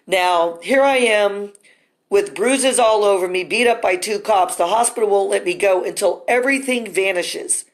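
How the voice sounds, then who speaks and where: A woman speaks urgently to her phone camera from an empty construction building, her voice at an ordinary middle pitch. She rambles from one aside to the next, distressed and insistent. Her manner stays anxious and pleading throughout. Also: normal speed. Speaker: vlogger recounting personal ordeal. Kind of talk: rambling emotional monologue to camera.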